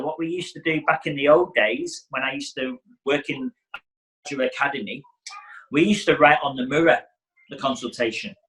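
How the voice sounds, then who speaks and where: A man's voice: medium pitch, a bit bright, rough recording. A middle-aged man, a hairdressing educator giving a casual teaching talk and acting out client exchanges. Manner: chatty, acts out client dialogue.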